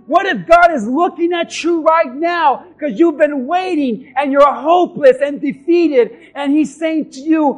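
A male pastor preaching a sermon in church, impassioned and shouting for emphasis. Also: extremely high pitch, measured pace, few pauses, soft background music.

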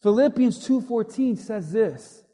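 High-voiced preaching man in a reverberant hall. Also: expressive, unhurried. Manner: emphatic preaching, swinging from loud to hushed. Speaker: pastor. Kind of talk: sermon. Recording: long reverb of a large hall.

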